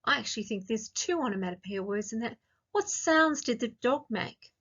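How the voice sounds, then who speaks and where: An Australian woman teaching a grammar lesson to young children, speaking slowly and clearly and asking lots of questions. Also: fairly high pitch, animated, a bit bright. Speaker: primary school teacher. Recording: dull lo-fi sound.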